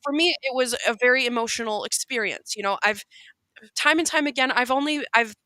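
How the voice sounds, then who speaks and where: Bright-voiced woman talking with heartfelt emphasis. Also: fairly high pitch, a little fast, dry recording, rough recording. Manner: heartfelt, emphatic, many restarts. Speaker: co-host. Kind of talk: casual podcast chat.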